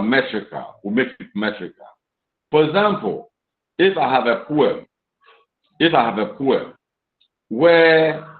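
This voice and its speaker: A male teacher explains poetry at an unhurried, measured pace, saying key phrases twice as he goes. His voice sits in a roomy, echoing space, and the recording has a dull, lo-fi tone. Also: mid-range voice, fairly bright tone. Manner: slow, deliberate, often repeats phrases. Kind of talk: classroom lecture.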